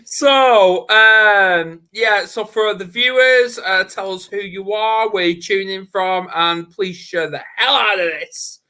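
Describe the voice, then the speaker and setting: A man's voice: high-pitched, takes it slowly, hardly any pauses, sharp tone, smooth. A man with a Northern English accent hosting a live online interview in a chatty, upbeat, casual way over a video call. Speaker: host. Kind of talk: live online interview, quick-fire questions.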